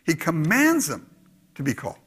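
Husky guy preaching, voice sits a bit high and jumps all over, goes quiet then loud. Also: moderate pace. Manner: animated preaching, swings from quiet asides to loud exhortation. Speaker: pastor. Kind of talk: sermon.

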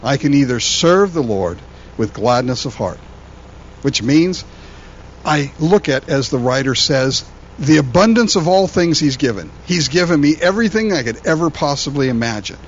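A man who is a pastor, preaching a sermon in an animated, conversational way, often repeating words as he goes. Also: mid-range voice, moderate pace, highs cut off, slight background noise.

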